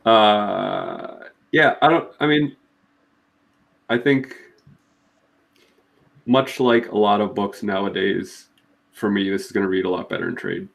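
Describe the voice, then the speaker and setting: Gravelly-voiced man in casual comic chat. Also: lowish voice, big pitch swings. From Massachusetts. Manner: halting, many restarts and fillers. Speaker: podcast co-host.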